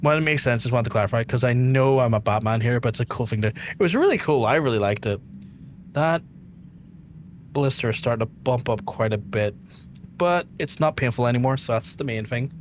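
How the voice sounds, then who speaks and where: A young man, chatting casually while playing a game, rambling and animated. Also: medium pitch, fairly quick, slight background noise. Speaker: streamer. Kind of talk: casual let's-play chat.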